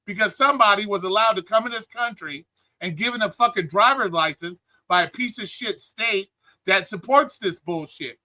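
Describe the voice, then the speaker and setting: Angry streamer host, high tense voice, heated profane rant, calls out his chat. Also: brisk, sharp tone. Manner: angry, heated, swearing constantly; greets live chat viewers between rants. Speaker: livestream host.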